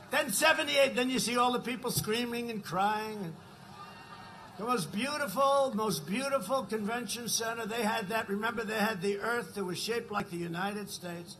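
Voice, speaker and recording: A man's voice: sits high, lively intonation, moderate pace, pushed and bright, slight background noise. A man addressing a campaign rally in a rambling, repetitive way, often checking in with the crowd. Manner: rambling, repetitive, keeps asking the crowd "right?". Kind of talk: rally speech.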